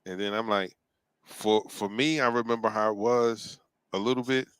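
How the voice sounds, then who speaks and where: A man with a smooth, clear voice hosts a casual talk show. He tells his story in a relaxed way, acting out bits of dialogue, and the recording is close and dry. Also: lowish voice, moderate pace, no room sound. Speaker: host.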